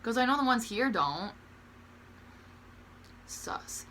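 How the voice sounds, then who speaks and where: A woman's voice: on the high side, lively intonation, slow pace, pushed and bright, a little hiss or hum. A young woman telling bus stories to camera in a casual, profane, rambling way, full of "like" and calling herself awkward. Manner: profane, rambling, heavy use of "like"; self-described awkward. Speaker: vlogger.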